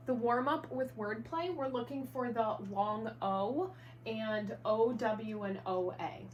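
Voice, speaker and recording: A woman teaching an online first grade reading lesson, upbeat and encouraging, enunciating clearly. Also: on the high side, takes it slowly, a little hiss or hum.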